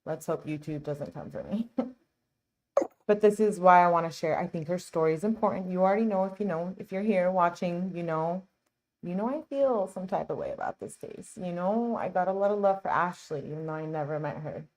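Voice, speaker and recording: Outspoken woman doing true crime commentary, kinda low voice, chatty and earnest. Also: brisk, darkish tone. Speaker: true crime channel host. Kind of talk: casual commentary over footage.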